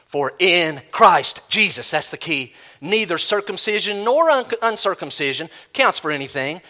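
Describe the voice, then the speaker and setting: A male pastor preaching a sermon, animated, acting out imagined voices as he teaches. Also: fairly high pitch, normal speed, hardly any pauses.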